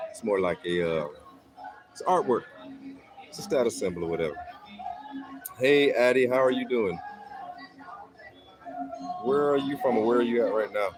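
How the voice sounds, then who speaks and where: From his home in a hot city neighborhood, a middle-aged man hosts a casual livestream, rambling with viewers in a laid-back way and often saying "man." His voice is low-pitched and the recording quality is low.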